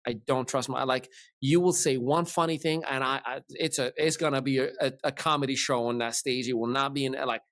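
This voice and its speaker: A man hosts a podcast, casually recounting a long tale and acting out each person's dialogue with animation. His mid-range voice moves fairly quickly, captured in studio quality without echo.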